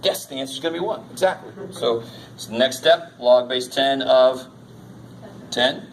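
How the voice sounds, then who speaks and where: A man's voice: mid-range voice, measured pace, a little hiss or hum, rough recording. A man teaching a college math class in a lecture, casual and jokey, swearing now and then. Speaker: math instructor.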